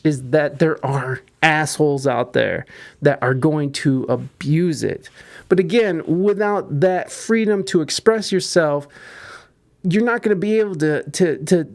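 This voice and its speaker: Gravelly, rambling podcast host man. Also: on the high side. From United States. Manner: rambling, profane, many restarts. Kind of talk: casual commentary on news.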